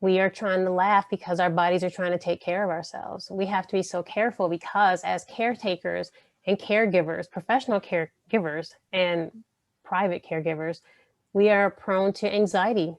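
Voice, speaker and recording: Gravelly-voiced woman asking reflective questions. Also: on the low side, steady tone, moderate pace, no room sound. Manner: gently probing, asks rhetorical questions. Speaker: panel presenter, counselor educator. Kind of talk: reflective presentation talk.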